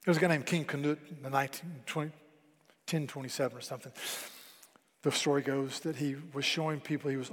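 A man preaching a sermon, telling stories and dropping to a hush for emphasis. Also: on the high side. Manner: storytelling, drops to a hush for emphasis. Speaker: pastor. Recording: long hall reverb.

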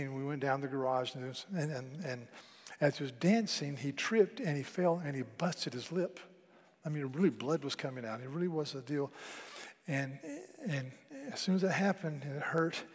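A man preaching a sermon, telling stories and dropping to a hush for emphasis. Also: mid-range voice, moderate pace. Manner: storytelling, drops to a hush for emphasis. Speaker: pastor. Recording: long hall reverb.

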